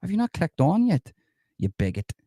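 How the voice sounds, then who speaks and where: A man's voice: high-pitched, huge pitch swings, normal speed, warm tone, no room sound, clean studio sound, heavily acted. A man doing a sarcastic impression of a smug, mock-outraged politician, mocking comments in a live stream. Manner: sarcastic, mocking, reads comments and scoffs at them.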